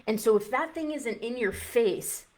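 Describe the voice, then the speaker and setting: A woman's voice: on the high side, animated, unhurried, a little mellow. A woman dietitian coaching a live group in a conversational way, often restarting phrases and acting out an inner voice.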